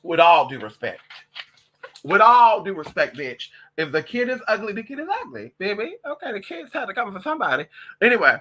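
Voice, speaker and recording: Trans woman vlogger, very animated pitch, sassy and foul-mouthed, chatty storyteller. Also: brisk, breathy edge. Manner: sassy, profane, calls listeners honey and girl. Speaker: vlogger and witch. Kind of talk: casual vlog monologue.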